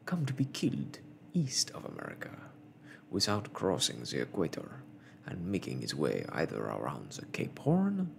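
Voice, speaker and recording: A man voicing a skeptical Canadian harpooner in a hushed, low, doubting whispered role-play. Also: vocal fry, slight background noise, exaggerated voice.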